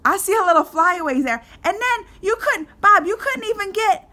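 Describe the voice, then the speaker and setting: A woman vlogger telling a story with lively energy, swinging between excited shouts and whispered asides and acting out her own lines in quotes. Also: extremely high pitch, normal speed. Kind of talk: animated reaction storytelling.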